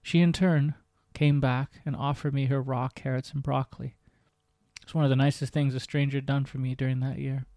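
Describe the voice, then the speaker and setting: Earnest male host reading his memoir, even delivery, dry close sound. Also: mid-range voice, fairly quick, no room sound. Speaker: podcast host.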